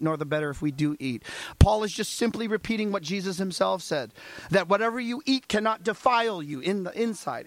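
A man's voice: high voice, fairly bright tone. A male pastor preaching a sermon, asking the congregation rhetorical questions and acting out little dialogues.

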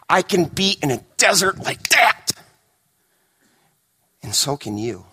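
Bright-voiced man preaching dramatically. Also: sits high, very animated, takes it slowly, long pauses, husky. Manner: dramatic, swinging from emphatic to hushed. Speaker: pastor. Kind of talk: sermon.

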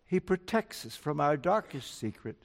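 Older male preacher, high-pitched, storytelling sermon, long hall reverb. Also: very animated, normal speed, creaky. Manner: storytelling, acts out quoted dialogue.

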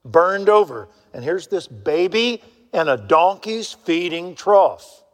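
A man preaching a sermon with a somewhat high voice. He tells Bible stories in a folksy way, acts out the characters, and swings between loud bursts and hushed asides. His voice carries a long reverb from a church hall. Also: very animated, slow pace.

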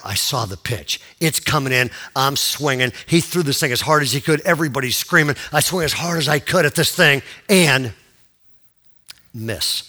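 Bright-voiced animated preacher man. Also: medium pitch. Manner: animated storyteller, swings from hushed to loud. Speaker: pastor. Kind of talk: sermon storytelling.

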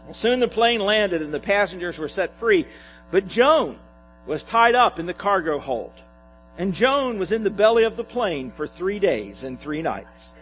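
A male pastor reads a humorous sketch to his congregation, his voice high and sweeping through wide swings of pitch. Soft music sits faintly behind him. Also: unhurried, low-quality recording. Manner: animated storytelling. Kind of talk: sermon with a read-aloud humorous sketch.

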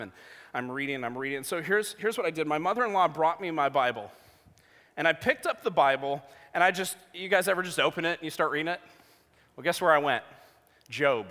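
Animated preacher man, long hall reverb. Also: fairly high pitch, fairly quick. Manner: animated storytelling, jokey asides, swings from hushed to loud. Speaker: pastor. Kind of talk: sermon with personal story.

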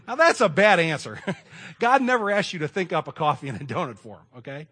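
A middle-aged man preaching a sermon in a conversational way, moving between loud emphasis and hushed asides. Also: a little high, very animated, fast. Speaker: pastor.

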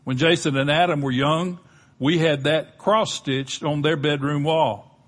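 A man's voice: a little high, fairly even intonation, measured pace. An older man with a Southern US accent preaching a sermon, folksy and conversational, with touches of humor. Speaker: pastor.

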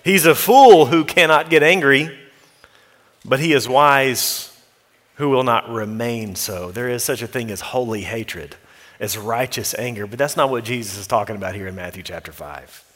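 A man's voice: mid-range voice, moderate pace, a bit bright, long reverb tail. A man, a pastor with young children, preaching an earnest, practical sermon and quoting scripture as he goes. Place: church sanctuary.

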